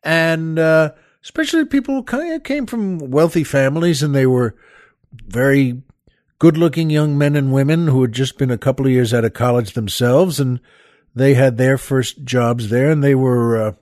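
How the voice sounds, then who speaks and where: Halting comedian telling a rambling story. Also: male voice, medium pitch, darkish tone, no room sound, clean studio sound. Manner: halting, full of fillers and restarts, chuckling asides. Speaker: comedian host. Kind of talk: rambling comic storytelling monologue.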